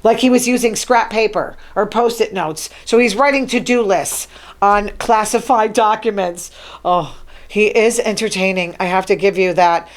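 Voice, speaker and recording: A woman's voice: mid-range voice, moderate pace. A woman hosting her own talk show, reading news items from her notes and adding chatty, wry asides. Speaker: show host. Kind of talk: casual solo talk show monologue.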